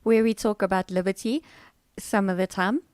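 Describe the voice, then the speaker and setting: A woman's voice: mid-range voice, fairly even intonation, moderate pace, a little mellow, clean tone, no room sound, clean studio sound. A middle-aged woman, hosting a casual livestream chat, rambling and laughing with fillers. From South Africa. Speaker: livestream host.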